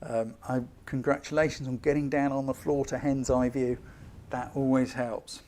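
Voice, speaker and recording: A man giving a live-streamed photo critique as a photography tutor, chatty and enthusiastic, hurrying along with quick apologies. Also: medium pitch, little pitch movement, a little mellow, a little hiss or hum.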